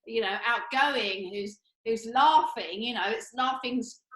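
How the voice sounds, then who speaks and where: A woman's voice: a little high, measured pace, a bit bright. Upbeat woman in an echoey room. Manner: breezy, upbeat, full of fillers and bursts of laughter. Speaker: co-host. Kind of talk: casual chat.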